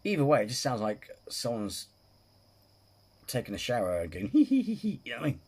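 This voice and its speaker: A man's voice: fairly low pitch, expressive, brisk, noisy background. A man hosting a reaction video, chatting casually with crude, self-mocking humour and frequent laughs.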